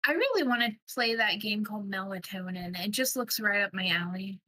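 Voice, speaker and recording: Giggly bright-voiced woman guest. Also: mid-range voice, animated, a little fast. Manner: giggly, playful. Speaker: podcast guest. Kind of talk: casual chat.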